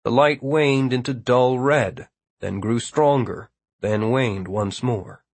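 A man narrating a novel in a measured, even reading. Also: mid-range voice, no echo. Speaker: audiobook narrator. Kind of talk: scripted narration.

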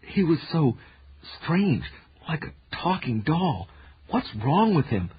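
A man's voice: big pitch swings, takes it slowly, breathy edge, dull audio, heavily acted. A man doing a frightened, trembling shop woman. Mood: shaken. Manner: high, trembling and faint. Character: frightened middle-aged woman shopkeeper.

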